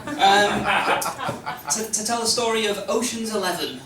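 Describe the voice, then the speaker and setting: A man doing a stand-up comedy routine on a club stage, rambling and hesitant, with lots of stammered restarts and deadpan asides. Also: sits high, unhurried, crowd noise. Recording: roomy live club recording from a distance, noisy.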